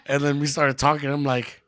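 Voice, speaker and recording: A man's voice: mid-range voice, a bit bright, no echo. A man co-hosting a podcast, teasing his friend in a blunt, casual way. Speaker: podcast co-host. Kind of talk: casual chat.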